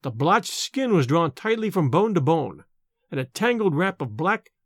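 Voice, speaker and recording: A male audiobook narrator reads a scripted story vividly and expressively. His voice is on the high side at a moderate pace, with clean studio sound and no room tone.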